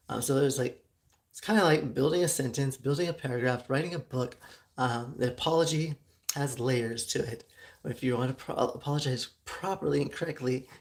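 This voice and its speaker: Chatty woman host with a phlegmy throat. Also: extremely low pitch. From Southern California. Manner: chatty, many ums and likes, giggles often. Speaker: show host. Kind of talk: casual solo talk to viewers.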